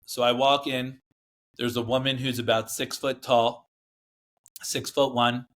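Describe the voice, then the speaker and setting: A man's voice: medium pitch, little pitch movement, unhurried, a bit bright. A man, a podcast guest, telling a personal story in a casual, earnest way, with lots of fillers and restarts.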